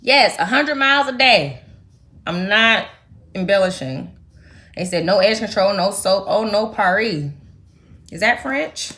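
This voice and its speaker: Bright-voiced chatty woman vlogger. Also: medium pitch, expressive, measured pace, long pauses. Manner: chatty, joking, talks to viewers. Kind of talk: casual chat while getting ready.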